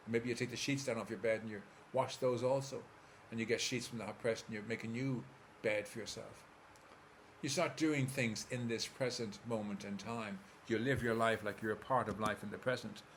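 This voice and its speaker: An Irish man speaks as a therapist, leading the listener through a guided visualization. His delivery is calm and steady, coaching step by step at an ordinary middle pitch. A faint noise sits behind him.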